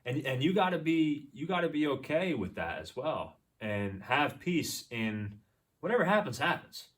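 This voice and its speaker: Heard through a distant mic, this young podcast co-host has a slightly high, somewhat bright voice and talks at a moderate pace, sounding very animated. He's easygoing in the casual chat, frequently agreeing with lots of filler words.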